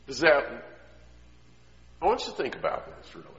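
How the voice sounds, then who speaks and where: A man's voice: medium pitch, wildly swooping pitch, moderate pace. Man preaching in an echoey hall. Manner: earnest, drops to quiet emphasis, acts out quoted voices. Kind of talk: sermon. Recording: echoey hall, dull lo-fi sound.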